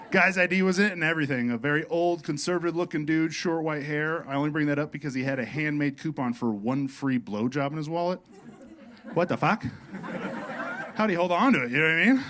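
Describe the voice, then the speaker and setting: A man's voice: fairly high pitch, fairly quick, fairly bright tone, a faint crowd, a little hiss or hum. Profane rambling male stand-up comic. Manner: profane, rambling, full of "you know what I mean". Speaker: stand-up comedian. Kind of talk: stand-up set. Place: comedy club stage. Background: audience laughter.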